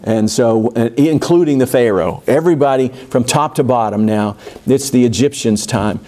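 A man's voice: medium pitch, moderate pace, warm tone. A man teaching a Bible study in a church, talking conversationally with many asides and fillers, and lifting his voice when he reads scripture aloud. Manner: digressive, many fillers and asides, rises for emphasis when reading.

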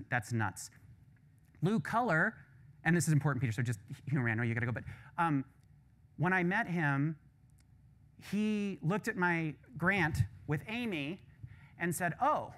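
Male visiting professor, slightly higher voice, frank storyteller with casual asides. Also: a bit bright. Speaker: visiting professor giving a lecture. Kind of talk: lecture closing remarks.

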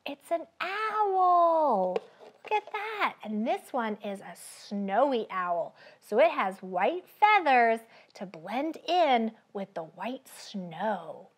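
A woman running a children's library storytime, talking in a drawn-out, sing-song way for small children. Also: fairly high pitch, very animated, breathy edge.

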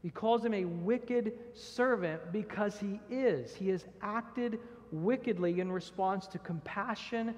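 A man's voice: high-pitched, takes it slowly, few pauses, darkish tone. A man preaching a verse-by-verse sermon as pastor, earnest, asking rhetorical questions and reading scripture aloud. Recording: long church reverb.

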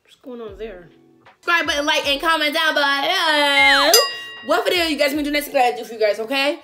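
A woman's voice: sits high, lively intonation, fairly quick, bright, forceful tone, faint music behind. A woman hosting a reaction video, chatty and rambling, laughing often. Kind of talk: casual reaction commentary.

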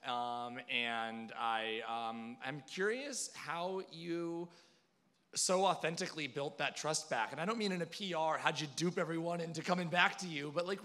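A man's voice: a little high, bright, forceful tone. A man moderating a conference panel, candid and conversational, hesitating as he words his questions. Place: conference stage with audience.

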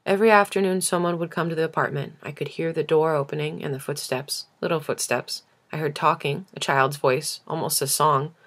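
A woman reading a novel aloud as an audiobook, measured and intimate. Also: low voice, fairly even intonation, fairly bright tone. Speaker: audiobook reader.

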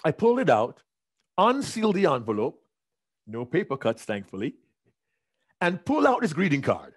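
A man's voice: on the high side, normal speed, slightly rough. A man in his sixties giving a motivational keynote speech, telling stories dramatically. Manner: dramatic storytelling, animated. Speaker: keynote speaker.

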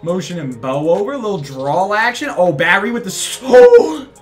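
A young man narrates his football video game match in loose slang, teasing his opponent and hyping himself to viewers. His voice sits a little high and sounds bright and forward. Faint background music plays beneath the commentary. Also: fairly quick. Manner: excitable, slangy, trash-talking the opponent. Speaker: gaming YouTuber. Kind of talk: casual gameplay commentary.

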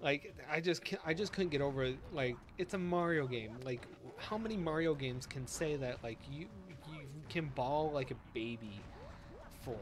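A young man streaming a game, chatting casually and gushing with excitement and emotion. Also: fairly high pitch, normal speed.

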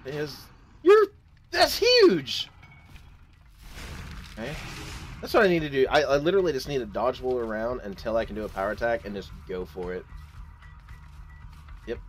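A man's voice: medium pitch, quick pace, long pauses, slight background noise. A young man giving let's play commentary, frantic and exclaiming as he talks to himself and the game. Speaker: gaming channel host.

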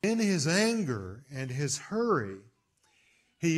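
A man preaching a sermon, telling stories with big swings in pitch and loudness. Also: sing-song, slow pace. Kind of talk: sermon with storytelling.

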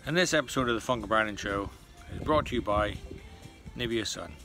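A man's voice: lowish voice, brisk, over music. A man, vlogging outdoors in his garden for a child in a playful, singsong way and calling himself by his own name. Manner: speaks of himself in the third person, upbeat and singsong.

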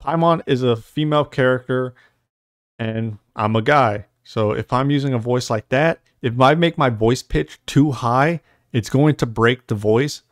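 Speaking a little slowly in a mid-range voice, a young host rambles casually through a tutorial on voice-changer settings and curses mildly from time to time. He uses a noise-suppressed studio mic, giving a clean, echo-free studio-quality sound.

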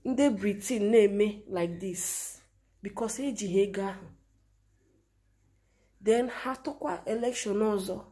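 A woman's voice: medium pitch, measured pace, pauses often, dark tone. Earnest Nigerian Igbo woman lamenting. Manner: earnest, lamenting, rhetorical questions. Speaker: commentator. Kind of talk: impassioned monologue mixing Igbo and English.

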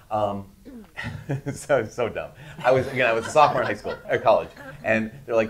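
A middle-aged man, a guest in an interview, telling casual stories with animated, laughing delivery. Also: lowish voice, fairly quick, a crowd in the background. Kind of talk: casual storytelling.

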